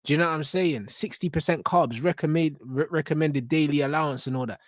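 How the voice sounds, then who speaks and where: A man's voice: a little high, fairly quick, no room sound, studio quality. A young man, ranting bluntly with lots of slang and swearing as he reacts to a video. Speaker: reaction channel host.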